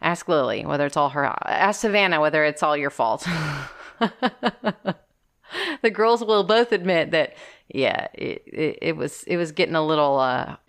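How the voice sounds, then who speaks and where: A woman with a notably low voice, clear and smooth, chatting casually as a podcast co-host. She talks in a lively, playful way and laughs readily at a close microphone. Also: moderate pace.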